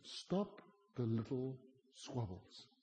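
A man preaching a sermon, moving between quiet, intimate asides and loud, emphatic lines. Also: medium pitch, big pitch swings, takes it slowly, echoey room.

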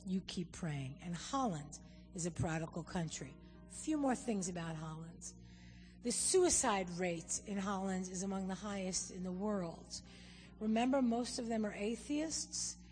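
A woman guest preacher giving a sermon and telling stories, acting out what people and God said. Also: a little high. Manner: animated storyteller, acts out quotes. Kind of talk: sermon with storytelling. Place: church. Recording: long hall reverb.

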